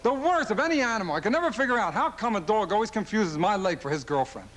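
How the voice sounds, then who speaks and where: Male stand-up comedian, high voice, rapid observational jokes, old TV broadcast with loud audience laughter. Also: big pitch swings, very noisy. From Philadelphia. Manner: rapid-fire observational jokes, mimics fans and dog owners in high voices. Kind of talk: stand-up routine on a late-night talk show. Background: studio audience laughing.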